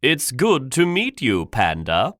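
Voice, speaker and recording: A man's voice: mid-range voice, huge pitch swings, takes it slowly, a bit bright, no room sound, studio quality, full character voice. A man reading an audiobook for learners, voicing a cruel male peacock villain with a cold, taunting manner.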